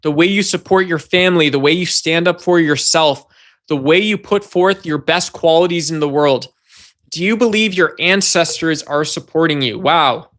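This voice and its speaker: A man's voice: fairly high pitch, a bit bright. A man hosting a casual livestream, rambling and talking directly to his chat viewers. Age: adult. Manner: rambling, talks to chat viewers, puts on mocking voices. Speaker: livestream host.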